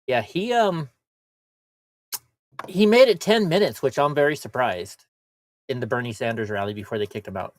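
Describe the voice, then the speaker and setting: Livestream co-host, male, rambling and profane, mid-pitched, dry close mic. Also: expressive, moderate pace, long pauses, no echo. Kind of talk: casual livestream chat. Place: lives in California.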